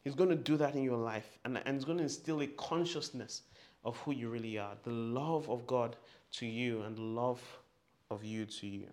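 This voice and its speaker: A man's voice: medium pitch, normal speed. A man preaching a sermon and leading the listeners in spoken declarations. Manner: leads call-and-response declarations, growing loud and fervent.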